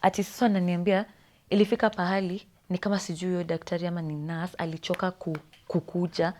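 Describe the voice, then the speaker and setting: Young kenyan woman telling her story on a podcast, lowish voice, goes all whispery a lot. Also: little pitch movement, quick pace, a little mellow. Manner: often drops to a breathy whisper, switches between English and Swahili slang. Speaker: podcast guest. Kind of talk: personal storytelling. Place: podcast studio.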